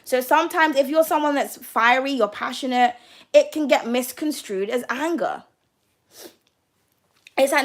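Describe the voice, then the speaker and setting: A young woman with a high voice talks through a tarot reading in a loose, chatty way. She speaks straight to the listener, often calls them "darling" and swears freely. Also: expressive, normal speed, fairly bright tone. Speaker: tarot card reader.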